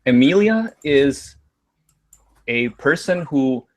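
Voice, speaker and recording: Brief: man, medium pitch, emphatic live-stream debater. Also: expressive, slow pace. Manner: earnest, emphatic arguing, rhetorical questions.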